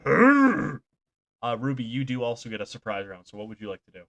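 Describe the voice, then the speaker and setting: A man's voice: lowish voice, very fast. A man running a tabletop game as dungeon master, talking casually, laughing and swearing a little.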